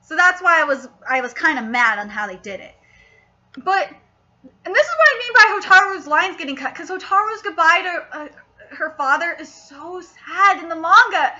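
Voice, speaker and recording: A young woman hosting a casual anime review, excitable and swearing freely as she rants in frustration. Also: very high voice, normal speed, dull audio. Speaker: anime reviewer, channel host.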